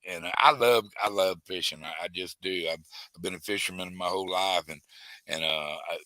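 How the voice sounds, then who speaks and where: A folksy man talks in a bright, forceful voice, stumbling and restarting as he greets people in chat by name. His pitch sits fairly low and the sound is dry and close. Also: steady tone, fairly quick, no room sound. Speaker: guest co-host of a live stream. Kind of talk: casual live-stream chat.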